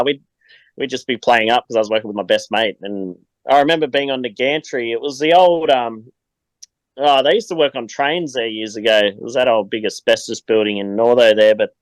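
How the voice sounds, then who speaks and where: A man's voice: mid-range voice, no echo, low-quality recording. An Australian man chatting as a podcast guest, telling rambling stories and laughing often. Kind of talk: casual chat.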